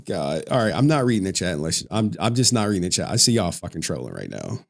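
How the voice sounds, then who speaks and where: A man's voice: low voice, very animated, brisk, gravelly. A man hosting a livestream, chatting casually with plenty of profanity and frequent laughter. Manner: joking, profane, laughs often. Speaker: livestream host.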